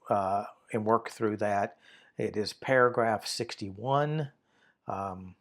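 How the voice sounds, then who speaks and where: A man teaching a Greek grammar lesson, talking through a textbook with many fillers and restarts and sometimes reading passages aloud. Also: lowish voice. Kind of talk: unscripted lesson walkthrough.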